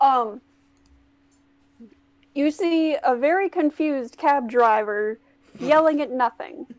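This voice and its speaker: A woman's voice: sits high, slow, no room sound. A woman narrating as game master for a tabletop game, hesitant with laughing asides.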